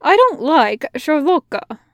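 A woman's voice: high-pitched, big pitch swings, slow pace, dry recording, pitched above the performer's own voice, heavily acted. A woman doing a cocky, teasing young soldier. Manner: teasing, bright and pushy.

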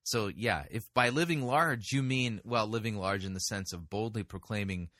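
A man's voice: lowish voice, moderate pace, fairly bright tone, no echo, clean studio sound. A man hosting a show of sermon reviews, talking in a firm, corrective, argumentative way. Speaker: podcast host reviewing sermons. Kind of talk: critical commentary.

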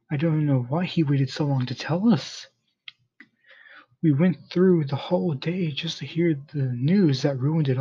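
A man reading a first-person story aloud in a plain, steady manner, in a dull lo-fi recording. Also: mid-range voice, husky.

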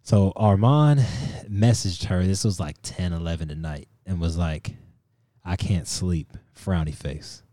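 A man's voice: low voice, unhurried, dark tone, dry recording, studio quality. A young man co-hosting a podcast, casually telling a long story with quoted voices and stammering restarts. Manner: rambling, retells with quoted voices, stammers when worked up. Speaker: podcast co-host.

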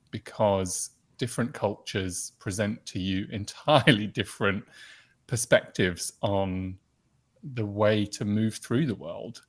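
A man co-hosting a podcast in casual chat, reflective and quick to laugh, drawing out phrases. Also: on the low side. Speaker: podcast co-host.

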